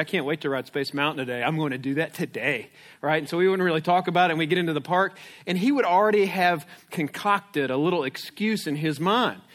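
Animated preacher with a fairly high voice. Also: male voice. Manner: animated storytelling, frequent "right?" check-ins and restarts. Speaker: pastor. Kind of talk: sermon with personal story and scripture reading.

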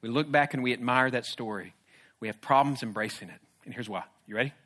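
A man preaching a sermon, moving between loud emphatic declarations and hushed, low, intense passages. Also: quick pace. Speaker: pastor.

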